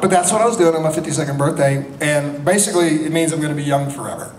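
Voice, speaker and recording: A man in his fifties, a convention panel guest, telling animated, joking anecdotes full of restarts and laughter. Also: a little high, fast talker. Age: 50s. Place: large convention hall. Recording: echoey hall with crowd ambience.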